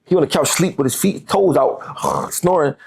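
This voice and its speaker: Animated, gravelly-voiced guest in his forties. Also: on the high side, moderate pace. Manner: animated, profane, repeats words when worked up. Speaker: interview guest. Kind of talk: heated podcast interview.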